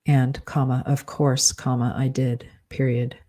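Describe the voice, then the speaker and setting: A man's voice: mid-range voice, little pitch movement, unhurried, warm tone. A man dictating a novel aloud, speaking each comma and period as he goes. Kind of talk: dictation with punctuation spoken aloud.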